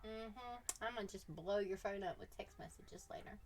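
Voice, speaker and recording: A woman's voice: medium pitch, moderate pace, a little hiss or hum. A woman casually chatting with her viewers on a live stream, teasing them playfully and laughing often.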